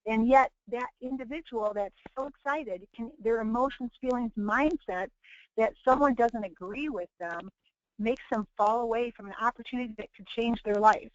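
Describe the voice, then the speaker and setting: A woman leads a motivational webinar, hammering her points with repetition and little acted-out quotes. Her voice sits fairly high. The audio is dry and a bit muffled, like a lo-fi online call. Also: moderate pace, dry recording. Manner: preachy, repetitive, acts out quoted people. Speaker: webinar presenter.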